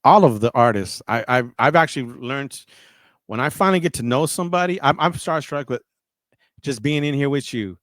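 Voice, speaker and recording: A middle-aged man from the radio and music industry tells stories as a guest in a casual interview. His mid-range voice moves at a moderate pace, and in his animated excitement he often repeats and restarts his words. There's no echo.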